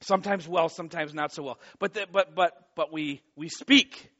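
A middle-aged man preaching a sermon as a pastor, earnest and growing loud and animated as he tells a story. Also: a little high, normal speed. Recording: dull lo-fi sound.

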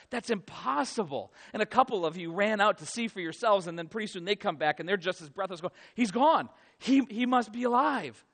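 Man, preacher, high-pitched, sermon, dramatic retelling, quiet then loud. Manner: dramatic storytelling, swinging from hushed to loud. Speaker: pastor.

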